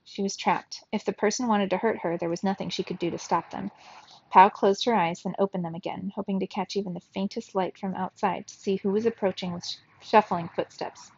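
A woman reading a children's novel aloud in steady storybook narration. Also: mid-range voice, a little fast, slightly rough, highs cut off. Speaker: reader.

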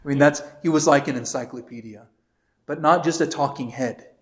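An American priest teaches a catechism class in a conversational lecture style, sharing anecdotes with quoted voices and reading passages aloud. His voice is medium-pitched and a little fast.

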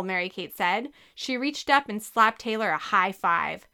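A woman narrating a children's storybook aloud in a lively, expressive reading. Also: mid-range voice, normal speed, few pauses, smooth. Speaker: audiobook narrator.

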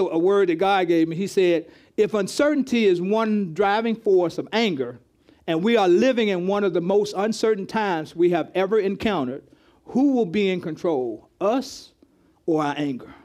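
Pastor, male, high-pitched, interactive teaching sermon, chatty and repetitive. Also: a little mellow. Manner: conversational, calls on the congregation, repeats words. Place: church hall with congregation.

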